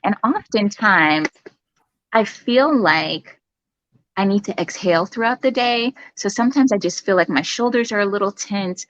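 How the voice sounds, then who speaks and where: A woman who is a nurse, a guest in a casual interview chat, talking in a calm, reflective way with many fillers. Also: medium pitch, normal speed, no echo, muffled recording.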